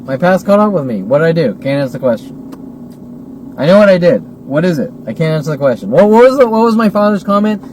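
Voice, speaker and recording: Agitated guy in his 40s ranting in the car, highish voice, lots of car noise, keeps asking questions he answers himself. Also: sing-song, brisk, a little mellow. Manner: agitated, repetitive, rhetorical questions. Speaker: vlogger. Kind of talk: ranting monologue. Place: in a driving car. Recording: noisy car recording.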